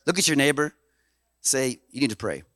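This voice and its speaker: A man from Canada preaching a sermon in an animated, folksy way, dropping low and then swelling loud. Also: normal speed, no room sound. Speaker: pastor.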